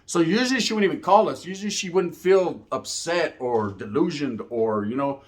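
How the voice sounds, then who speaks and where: A man's voice: a little high, animated, normal speed. A young man telling a personal story to camera in streetwise slang, full of profanity and "right?" tags. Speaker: YouTube storyteller.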